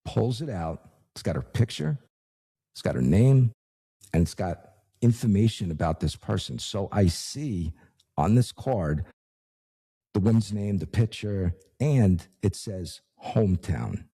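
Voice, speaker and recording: Gravelly deep-voiced former cop. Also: male voice, lively intonation, a little slow, mellow. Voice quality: gravelly low voice. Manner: wry, anecdotal delivery. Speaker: former law enforcement officer. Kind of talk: storytelling interview.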